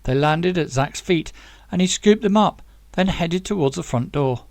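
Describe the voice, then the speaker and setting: A man reading his own novel aloud in steady, dramatic audiobook narration. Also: on the high side, normal speed, no echo.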